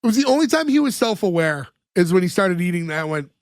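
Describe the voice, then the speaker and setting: A man co-hosting a podcast, retelling sitcom scenes in casual chat, full of "like" fillers and quick laughs. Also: high voice, sing-song, dry recording, studio quality. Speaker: podcast co-host.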